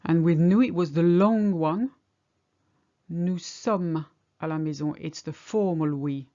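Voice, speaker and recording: A woman's voice: on the low side, takes it slowly, mellow, lo-fi sound. A woman teaching a language lesson, patiently explaining each example step by step. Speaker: French teacher.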